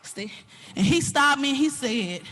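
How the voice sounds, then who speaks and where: A woman with a Southern US accent preaching a sermon in an animated way, swinging from hushed talk to shouting. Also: high-pitched, normal speed.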